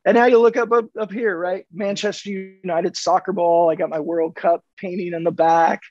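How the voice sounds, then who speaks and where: A man from California, a sales coach on a podcast, telling animated stories and acting out the dialogue. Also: high-pitched, normal speed, no echo. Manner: animated, acts out dialogue in anecdotes. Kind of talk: conversational storytelling. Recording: dull dry lo-fi audio.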